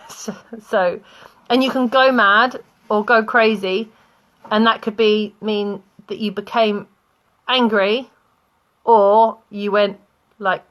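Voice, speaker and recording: A young woman with a British accent teaching English vocabulary online, explaining slowly with examples and small laughs. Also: medium pitch, steady tone, fairly bright tone.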